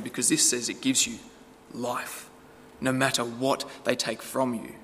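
A man's voice: medium pitch, steady tone, normal speed, a bit bright, a little hiss or hum. A man preaching a sermon in a conversational way, asking the listeners rhetorical questions. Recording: long hall reverb.

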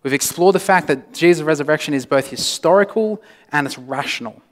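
A man's voice: fairly high pitch, fairly quick. Man preaching in an echoing church. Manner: swings from loud emphasis to hushed, near-whispered lines. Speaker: pastor. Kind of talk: sermon. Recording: long reverb of a church hall.

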